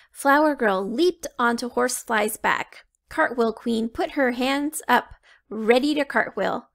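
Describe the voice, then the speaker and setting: A woman reading a children's storybook aloud, slow and expressive. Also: on the high side, creaky. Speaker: children's book reader.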